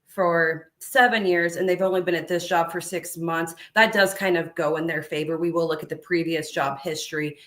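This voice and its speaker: A woman's voice: lowish voice, steady tone, normal speed, hardly any pauses, fairly bright tone. A woman with a Midwestern American accent, a dealership manager, answering interview questions casually with many ums.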